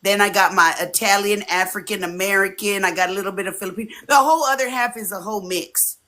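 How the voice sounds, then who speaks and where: A woman's voice: mid-range voice, fast. A woman in her forties chatting casually as an interview guest, telling stories and acting out the voices of friends she quotes. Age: 40s. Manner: animated storyteller, often acting out quoted friends. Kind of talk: casual chat. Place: home streaming setup.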